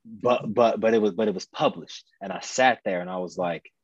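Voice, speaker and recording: A man's voice: lowish voice, brisk, husky, dry recording, dull audio. A man in his thirties, a podcast guest, telling a personal story earnestly and candidly, often restarting and repeating his phrases. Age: 30s.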